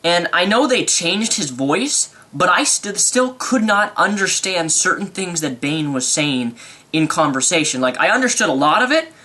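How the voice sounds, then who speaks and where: Excitable young man with a bright voice. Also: sits high, normal speed. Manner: excitable, rambling, unscripted. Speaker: movie reviewer. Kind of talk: casual movie review vlog.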